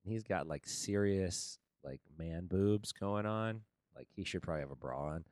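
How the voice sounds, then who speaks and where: A man co-hosting a podcast in casual chat, telling stories in an animated way and saying "man" and "dude" often. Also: sits low, normal speed, no echo, clean studio sound. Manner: animated storytelling, says "man" and "dude" a lot. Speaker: podcast co-host and kids' jiu-jitsu coach.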